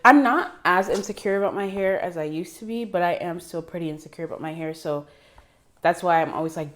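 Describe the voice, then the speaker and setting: A woman's voice: fairly low pitch, fairly quick. A young woman chatting to camera in a casual vlog, bubbly and giggly, with lots of fillers, recorded indoors at home. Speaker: vlogger.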